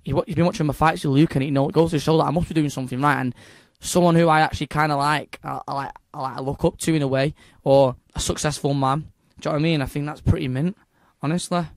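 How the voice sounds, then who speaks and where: A young man with a Manchester accent tells his stories with eager, breathless enthusiasm, stumbling and restarting as he goes. His voice sits slightly high, and the sound is close and dry. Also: fast talker, no echo. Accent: Northern English, Manchester. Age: young adult. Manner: excitable, rambling with restarts and local slang. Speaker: guest, young fighter. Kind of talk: casual interview chat.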